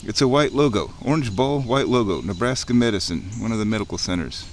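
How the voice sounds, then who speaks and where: A man's voice: lowish voice, brisk, a little hiss or hum. Man chatting to himself in a creek. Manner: chatty, talks to himself, excited bursts. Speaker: outdoor vlogger. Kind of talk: casual running commentary. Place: outdoors in a muddy creek. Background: birds chirping.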